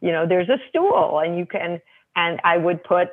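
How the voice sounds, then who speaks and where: Husky mom on a tinny phone line. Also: female voice, lowish voice, moderate pace. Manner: relaxed, anecdotal, hesitant restarts. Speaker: parenting book co-author, mother of two. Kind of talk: casual conversational storytelling.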